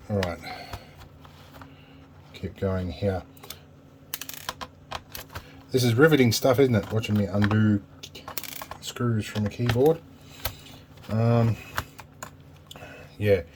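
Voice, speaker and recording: A man's voice: fairly low pitch, background noise. A man with an Australian accent hosting a repair video, chatting casually and thinking aloud as he takes apart and solders a keyboard, with some self-deprecating humour. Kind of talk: casual workbench narration.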